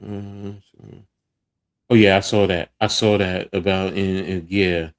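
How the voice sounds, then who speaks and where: A man co-hosting a sports stream in a lowish voice, talking slowly and unhurriedly. He murmurs agreement and trails off as he reads the live chat. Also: little pitch movement. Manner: laid-back, lots of mm-hmms, trailing off while reading. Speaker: co-host reading the live chat.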